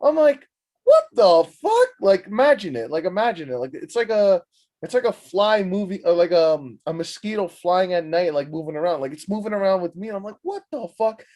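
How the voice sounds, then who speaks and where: A man's voice: sits high, brisk. A young man hosting a podcast, telling a rambling comedic story full of swearing, self-mockery and constant "like" fillers. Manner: profane, animated, self-mocking, frequent "like" fillers. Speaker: podcast host.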